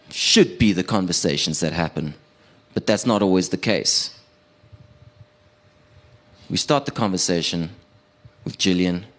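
A man performing a stand-up comedy set as a radio producer, animated, with stumbling restarts. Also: low-pitched.

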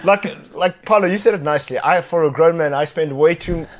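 A South African man co-hosting a casual chat, animated and self-mocking as a football fan. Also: fairly high pitch, brisk. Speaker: co-host.

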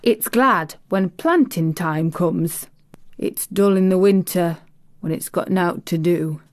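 A gruff old gardener grumbles in plain, old-fashioned country speech, as a woman narrator puts him on. He talks slowly and bluntly, with little patience for questions. The storybook sound is close and dry. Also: lowish voice, dry recording. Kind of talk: audiobook character voice.

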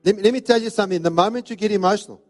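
A high-voiced man delivers a sermon, hammering his points home with repeated phrases. Soft music plays faintly beneath his voice. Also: very fast. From South Africa. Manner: emphatic, repetitive preaching cadence. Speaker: pastor.

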